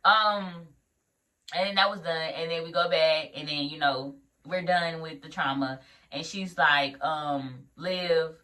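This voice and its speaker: A woman's voice: sits low, a little slow, sharp tone, far from the mic. A young woman vlogging casually about her first week as a nurse, laughing and acting out dialogue as she tells the story. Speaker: new-grad nurse vlogger.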